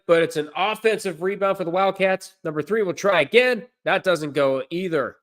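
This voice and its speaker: A man doing amateur play-by-play commentary on a livestream, unpolished and correcting himself, with deadpan asides. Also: sits high, moderate pace, hardly any pauses.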